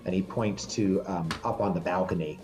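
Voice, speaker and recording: Halting male game master, faint music. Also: sits low, steady tone. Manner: halting, full of ums and restarts. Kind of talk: narrating a tabletop game.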